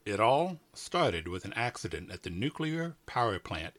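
A man's voice: fairly low pitch, very animated, normal speed, fairly bright tone. A man reading a story aloud for a podcast, joking and laughing as he flubs his lines. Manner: playful, teasing, laughs through flubbed lines. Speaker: podcast co-host and narrator.

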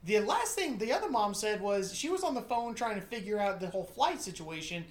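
A woman chatting casually about a movie, animated, swearing now and then and acting out lines in character voices. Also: mid-range voice, a little fast. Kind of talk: casual movie review chat. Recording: echoey room.

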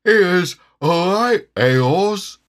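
A bouncy, boastful tiger speaks in a raised, lively voice, cheerful and sure of himself, as a man acts him out. It is a husky-toned storybook voice with lots of swing in the pitch. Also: a little slow, full character voice.

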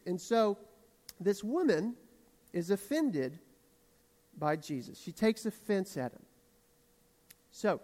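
A man with a Southern US accent preaches, his voice sitting high for a man. He tells his stories in an animated, self-deprecating way. The sound rings out with the long reverb of a church hall. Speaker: pastor. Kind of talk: sermon.

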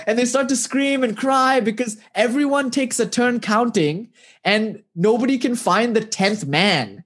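A spiritual teacher telling parables in an animated, casual way, often asking the listener rhetorical questions. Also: mid-range voice, a little slow, husky. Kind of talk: storytelling talk with parables.

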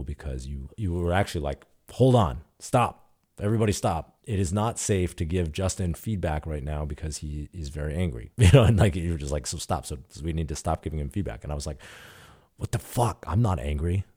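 A man's voice: very deep voice, brisk, hardly any pauses, warm tone. A man guest telling a candid story in an interview, animatedly acting out quoted dialogue and swearing casually. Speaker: startup CEO guest.

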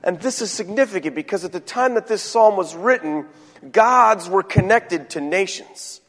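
A male pastor delivers a casual, conversational sermon, pausing to restart his phrases and tossing in jokes. His voice sits a little high, and a long reverb from the church hall trails each line. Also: animated, fairly bright tone. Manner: chatty, joking asides, halting restarts. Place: church sanctuary.

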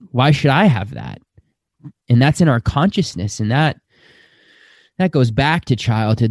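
A man's voice: mid-range voice, dark tone, dry recording, studio quality. A man, a spiritual teacher, giving an earnest, reflective talk and stretching out the words he stresses. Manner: slow, earnest, drawn-out emphasis.

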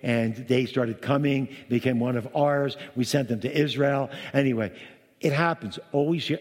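A man leading a Messianic congregation, giving a sermon in an animated, chatty storytelling manner with frequent restarts. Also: mid-range voice, normal speed. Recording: long hall reverb.

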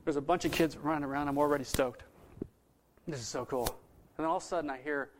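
A man, a pastor, telling a story in a sermon with lively, casual delivery that swings between loud bursts and hushed moments. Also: fairly high pitch, quick pace, background noise.

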